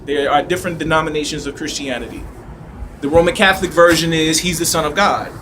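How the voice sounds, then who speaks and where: Outdoors in a city park, a male video commentator rambles emphatically off the cuff, preachy and full of rhetorical questions. His voice is a little high, pushed and bright, with a bit of hiss or hum on the recording.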